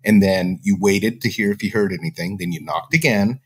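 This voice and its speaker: A man hosting a podcast who tells an anecdote in a casual, animated way, acting out his own reactions. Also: low voice, fairly quick, husky. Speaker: podcast host, former butler. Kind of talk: casual storytelling.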